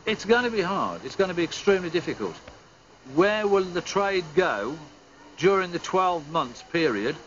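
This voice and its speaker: A man's voice: high voice, big pitch swings, normal speed, a bit bright. A male market trader speaking earnestly and anxiously in a news interview, repeating words. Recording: dull TV audio with background noise.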